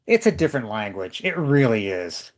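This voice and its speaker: A man's voice: mid-range voice, big pitch swings, moderate pace. Chatty man giving tour advice on a call. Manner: chatty, jokey, repeats words for emphasis. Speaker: tour organizer. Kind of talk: casual advice on a video call. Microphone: video call.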